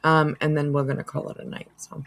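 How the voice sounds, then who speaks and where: A woman's voice: sits low, level tone, a little fast, creaky. A woman hosting a casual reaction livestream, chatty and laughing often as she reads out chat. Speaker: livestream host.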